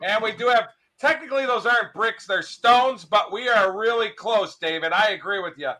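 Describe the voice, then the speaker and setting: A man sells art on a live show with eager, hyping enthusiasm. His voice is high and very bright, with a sharp edge. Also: normal speed. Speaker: art dealer. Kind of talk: live sales pitch.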